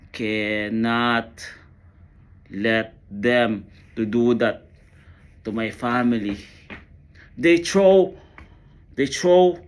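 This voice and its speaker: Man, mid-pitched, slow halting delivery, earnest emotional monologue with repeated words. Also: a bit bright. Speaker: storyteller.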